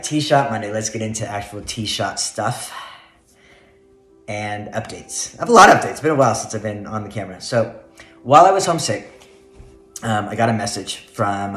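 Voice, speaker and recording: A man's voice: medium pitch, fairly bright tone. A man telling a story to the camera in a casual vlog, chatty and laughing often as he rambles. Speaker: vlogger. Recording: roomy echo, faint music.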